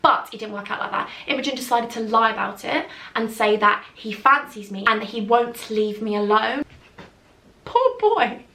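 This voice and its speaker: Bright, giggly young woman. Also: fairly high pitch, expressive, normal speed. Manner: chatty, giggly, acts out voices of others. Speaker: beauty vlogger. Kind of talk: casual storytelling to camera. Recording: echoey room.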